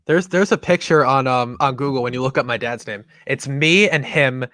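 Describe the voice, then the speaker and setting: A young man chatting casually on a sports talk show, halting and saying "like" often. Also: mid-range voice, pushed and bright, no echo.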